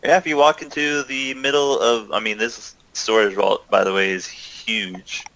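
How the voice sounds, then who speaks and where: A man's voice: on the low side, flat delivery, moderate pace, fairly bright tone, rough recording. A man running a tabletop game as game master, describing scenes in a loose, joking way.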